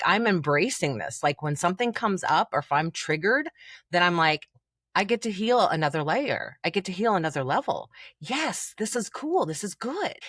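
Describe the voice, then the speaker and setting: Lowish woman coach on a podcast, super lively, acts out voices in her head, dry close sound. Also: no echo. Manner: animated, acts out inner voices with big pitch jumps. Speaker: confidence coach guest. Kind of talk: podcast interview.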